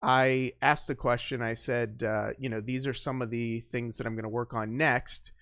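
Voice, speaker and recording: A man hosting his first live stream, chatting off the cuff, greeting viewers one by one and often pausing on fillers. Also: medium pitch, level tone, a bit bright, clear, resonant tone, no echo, clean studio sound. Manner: unscripted, greets viewers by name, halting with fillers. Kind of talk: casual live stream chat.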